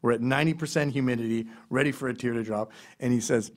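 A man's voice: mid-range voice, fast talker, few pauses. Profane, rambling male storyteller. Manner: rambling, profane, deadpan asides. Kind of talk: comedic storytelling monologue.

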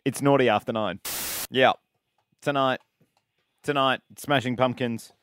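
A man's voice: mid-range voice, steady tone, measured pace, a bit bright, clear, resonant tone, dry recording. An Australian man hosting evening radio with a breezy, chatty style. His voice sits in the middle range and is recorded close and dry at a studio mic. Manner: breezy, announcing links and songs. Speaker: radio host. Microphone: studio microphone.

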